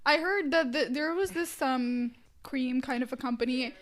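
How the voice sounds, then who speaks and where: A woman from India hosting a podcast, chatting casually and adding quick short affirmations. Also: high voice. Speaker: podcast host. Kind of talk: casual interview.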